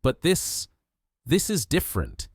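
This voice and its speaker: A man reading a gentle, touched young man. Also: fairly high pitch, huge pitch swings, unhurried, husky, no room sound, clean studio sound, pitched above the performer's own voice, heavily acted. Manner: gentle, earnest.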